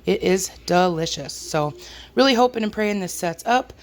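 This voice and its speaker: With lively intonation and a squeaky voice, a woman chats casually at a normal speed in her home kitchen. She's a homestead vlogger who talks while she works and pokes fun at herself.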